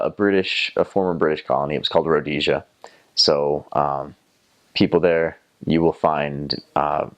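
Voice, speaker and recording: A young man from North Carolina with a Southern American accent, chatting casually about his time as a missionary and slipping into playful accent imitations. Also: rumbling low. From North Carolina, USA. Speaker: returned missionary. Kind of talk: casual storytelling.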